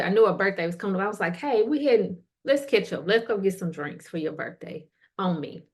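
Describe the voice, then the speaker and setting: A middle-aged woman hosting a motivational podcast, talking casually and colloquially while asking the listener direct questions. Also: fairly low pitch. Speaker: podcast host.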